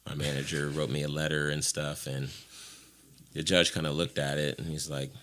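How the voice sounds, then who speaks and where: A man's voice: rumbling low, little pitch movement, normal speed, fairly bright tone. A man from Ohio telling his life story as a podcast guest, frank and rambling, acting out what others said to him. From Ohio, USA. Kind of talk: candid personal storytelling.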